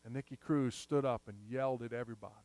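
A man preaching a sermon, telling a story emphatically and slowing down to repeat key phrases. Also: mid-range voice, fairly even intonation, darkish tone, no room sound.

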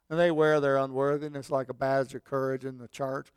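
A man preaching a sermon in a folksy way, swinging from loud calls to hushed lines. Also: mid-range voice, level tone, a little fast, few pauses, smooth, dry recording. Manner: folksy, swells loud then drops to near whispers. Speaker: pastor.

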